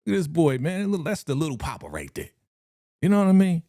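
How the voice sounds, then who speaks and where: A man's voice: fairly high pitch, huge pitch swings, quick pace, dark tone, dry recording, studio quality. A man streaming live as he reacts to a TV episode, talking casually with lots of slang, laughing and acting out the characters' lines.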